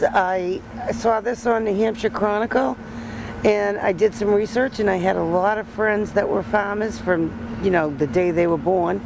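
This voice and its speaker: Brief: woman in her 50s, goat farmer, gravelly voice, halting answers, loud outdoor noise. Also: mid-range voice. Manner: rambling, halting, with restarts. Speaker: goat farm owner, guest. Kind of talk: casual interview answers. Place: outdoors at a farm. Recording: noisy outdoor recording.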